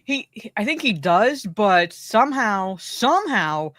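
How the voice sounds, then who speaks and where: A woman's voice: mid-range voice, big pitch swings, unhurried, fairly bright tone. A woman co-hosting a casual podcast, chiming in with short agreements and adding plot details to a movie recap. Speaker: podcast co-host. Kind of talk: casual chat.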